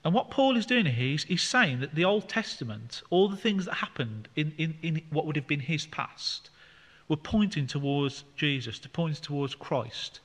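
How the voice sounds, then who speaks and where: A man's voice: fairly high pitch, animated, normal speed, fairly bright tone. A man leading a Bible study, explaining scripture in a conversational way with fillers. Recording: long hall reverb.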